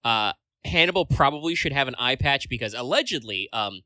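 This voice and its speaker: A man's voice: mid-range voice, lively intonation, fairly quick, bright, forceful tone, no room sound. A man co-hosting a casual podcast chat, rambling along with lots of filler words and casual swearing. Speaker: podcast co-host.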